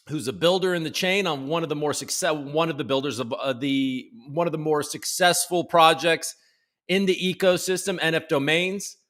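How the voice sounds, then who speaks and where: A man's voice: a little high, bright, forceful tone. A man hosting a casual live-streamed crypto news show, rambling and jokey, often restarting his sentences and swearing now and then. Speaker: host of a daily crypto news livestream. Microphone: desk microphone.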